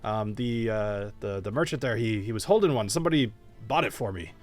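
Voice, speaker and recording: A man's voice: lowish voice, fairly quick, a little mellow, soft background music, lightly acted. A man voicing a friendly male sky captain who is trying to keep up appearances. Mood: casual.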